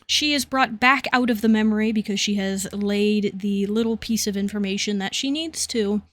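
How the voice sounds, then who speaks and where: A woman co-hosting a podcast, casually recapping comic book plots with relaxed narration and light laughs. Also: mid-range voice. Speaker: podcast co-host.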